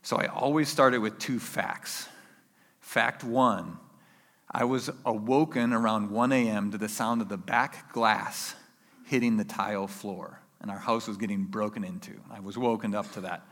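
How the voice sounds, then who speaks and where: Bright-voiced man preaching in a hall. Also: lowish voice, a little slow. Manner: animated storyteller acting out his own yells. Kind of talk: sermon storytelling.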